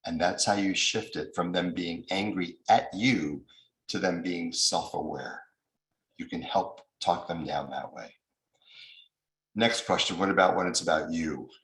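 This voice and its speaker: A man's voice: deep voice, a little slow, fairly bright tone, echoey room, poor audio. An American man giving a recorded lecture as a mediation trainer, explaining with examples and acting out angry voices he quotes.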